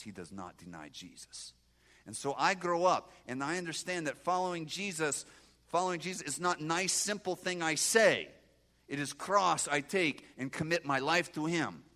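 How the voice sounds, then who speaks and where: A man in his sixties from Moldova with a Moldovan accent and broken English, giving an animated testimony sermon and talking back to his audience. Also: a little high. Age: 60s. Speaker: guest preacher.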